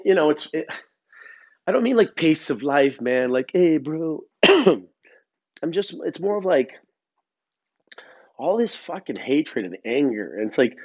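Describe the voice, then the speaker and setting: Man, podcast rant, lively swooping pitch, stammering restarts, dull lo-fi close mic. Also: no echo. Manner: rambling, profane, many restarts. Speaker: podcast host. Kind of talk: casual rant. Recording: dull, lo-fi sound.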